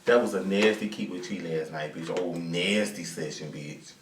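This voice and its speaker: A man's voice: low voice, moderate pace. A man hosting a casual live stream, flamboyant and sassy, calling everyone "girl". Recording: echoey room, distant mic, faint hiss.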